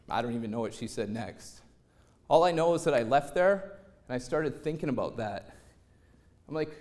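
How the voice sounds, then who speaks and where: High-voiced man telling a story on stage. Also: moderate pace. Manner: lively storyteller, acts out quotes in other voices. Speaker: motivational speaker.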